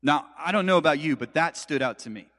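A man's voice: fairly high pitch, lively intonation, fast, a bit bright, big-room sound. A man preaching a sermon as pastor, telling a story in a chatty way with asides to the congregation.

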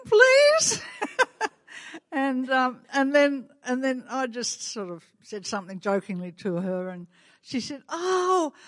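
Slow, chatty older Australian woman. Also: mid-range voice, no echo. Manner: chatty, laughs often. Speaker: guest speaker. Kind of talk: church talk.

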